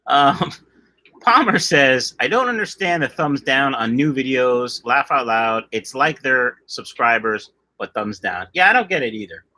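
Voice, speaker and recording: A man's voice: medium pitch, very animated, unhurried, bright, forceful tone. A middle-aged man hosting a casual livestream, chatting loosely and reading out viewer comments in a jokey way. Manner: chatty, jokey, drifts off topic. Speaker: livestream host of a fish-keeping channel.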